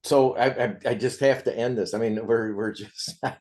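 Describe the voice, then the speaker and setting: A man's voice: medium pitch, fairly even intonation, moderate pace, a little mellow. A man hosting an interview, chatting in a rambling, enthusiastic way between his questions. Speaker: interview host. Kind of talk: casual interview chat.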